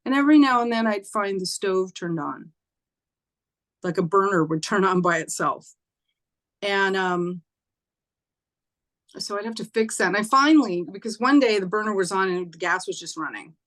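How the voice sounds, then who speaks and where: A woman's voice: normal speed, pauses often. A woman telling a personal ghost story in casual chat, acting out what people said in a lifted voice. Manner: animated, acts out quoted voices with raised pitch; conversational, with fillers and occasional laughs. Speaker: spiritual teacher and host.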